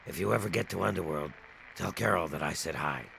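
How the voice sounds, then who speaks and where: An actor playing a weary, kind male ghoul bartender in a video game, raspy and humble. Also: low-pitched, fast, fairly bright tone, a little hiss or hum, exaggerated voice, poor audio. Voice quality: raspy, gravelly. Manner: humble, resigned.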